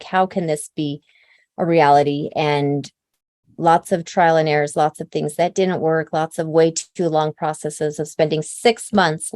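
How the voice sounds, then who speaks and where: A woman's voice: deep voice, darkish tone, no echo. Chatty, upbeat woman founder on a video call. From Idaho, USA. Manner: chatty, upbeat, runs through lists with many fillers; openly emotional, admits she tears up easily. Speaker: company founder presenting to her team. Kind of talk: casual team presentation.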